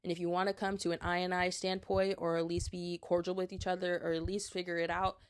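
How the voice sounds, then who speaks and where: A woman's voice: on the low side, little pitch movement, quick pace, smooth. A woman in her twenties hosting a solo podcast, chatting earnestly and handing out advice with lots of likes and restarts. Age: 20s. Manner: urging, advice-giving. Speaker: podcast host. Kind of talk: casual solo podcast talk.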